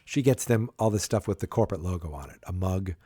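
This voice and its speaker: A man's voice: low-pitched, animated, fast, mellow, husky, no echo. A man hosting a podcast, casually recapping a TV episode with a rambling manner full of restarts and fillers. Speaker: podcast host.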